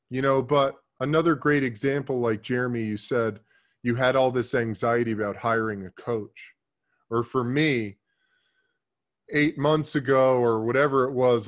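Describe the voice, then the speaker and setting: A man in his thirties talks casually as a podcast guest, and his story comes out animated and full of swearing. His voice sits at an ordinary pitch. He drops to quiet asides, then pushes loud on the points he wants to land. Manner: animated, profane, swings between hushed asides and loud emphasis.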